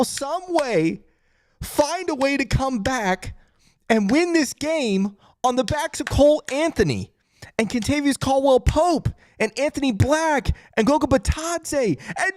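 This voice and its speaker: A man hosting a live postgame fan podcast, stunned and excitable, his voice swinging between high and low. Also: dry recording, clean studio sound. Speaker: podcast host.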